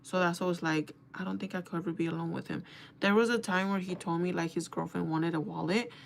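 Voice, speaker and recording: A young woman telling a casual storytime rant to her viewers, animated and swearing, acting out both sides of a conversation. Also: fairly low pitch, quick pace, creaky, slight background noise. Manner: animated, swearing, quoting herself and others. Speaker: beauty vlogger.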